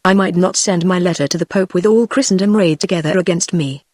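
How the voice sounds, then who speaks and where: A woman's voice: fairly low pitch, fast, a little mellow, dry recording, lightly acted. A British-accented synthetic woman's voice reading the lines of an aging English king in formal archaic speech. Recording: dry synthetic voice.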